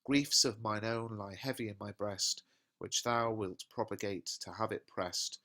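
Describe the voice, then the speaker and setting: A lovesick young man pours out his heart in slow, weighty verse, as a male teacher reads him aloud. Each line is drawn out and dramatic, with a voice on the low side. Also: fairly even intonation, pushed and bright. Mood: overwrought.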